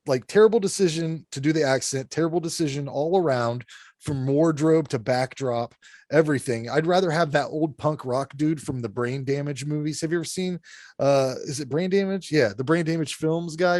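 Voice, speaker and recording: A man's voice: a little high, moderate pace, darkish tone, no echo. A man hosting a horror movie podcast, talking bluntly and profanely, rambling with lots of fillers. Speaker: podcast host. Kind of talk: casual podcast review chat.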